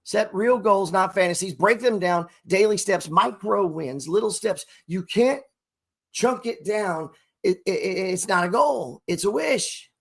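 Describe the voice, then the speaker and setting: A middle-aged man with a high-pitched voice gives a motivational talk to camera. He talks in street slang and swears freely while coaching listeners on trading and money. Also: expressive, unhurried, creaky, fairly bright tone, breathy edge. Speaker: trading coach and channel host.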